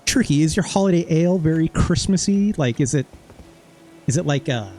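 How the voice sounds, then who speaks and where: A man streaming a game, talking casually in a fairly high voice that swoops up and down a lot. He chats freely and mutters mild curses under his breath. Faint game music plays behind him. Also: lively intonation, moderate pace, warm tone. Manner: chatty, muttering mild curses while playing. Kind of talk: casual gameplay commentary.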